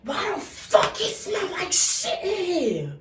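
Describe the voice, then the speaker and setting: A woman voicing an angry mother who yells and curses at her child. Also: wildly swooping pitch, slow, far from the mic, background noise, full character voice. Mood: disgusted. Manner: yelling, cursing, shrill. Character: furious scolding mother, adult woman. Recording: roomy, set back from mic.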